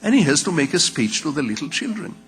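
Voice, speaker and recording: An older Israeli man with a Hebrew mother tongue, giving a public lecture in measured storytelling with rhetorical repetition. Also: fairly high pitch, big pitch swings, fairly bright tone, big-room sound, faint music behind. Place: large lecture hall.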